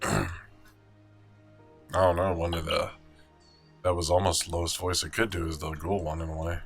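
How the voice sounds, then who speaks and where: A man's voice: deep voice, steady tone, normal speed, slightly rough, faint music behind. A man hosting a gaming video, chatting casually and unhurriedly about doing voices. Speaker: gameplay video host.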